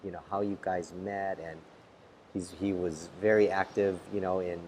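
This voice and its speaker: A man's voice: low voice, level tone, moderate pace, a little mellow, a little hiss or hum. A man interviewing a guest, asking questions hesitantly with fillers.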